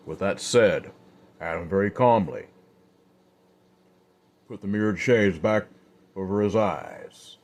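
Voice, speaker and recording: A man narrating an old-west story in a slow, unhurried, casual way. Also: low voice, darkish tone.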